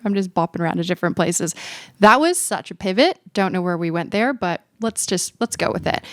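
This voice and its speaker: A woman's voice: mid-range voice, no echo, studio quality. Chatty self-mocking Australian woman host. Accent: American-sounding with a light Australian touch. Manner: chatty, self-deprecating, laughs at herself. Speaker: podcast host. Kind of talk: casual monologue.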